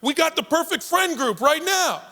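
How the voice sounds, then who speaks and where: A man's voice: high voice, normal speed, vocal fry, heavily acted. Peter, a man doing an eager fisherman. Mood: pumped. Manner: eager, gushing, excitable.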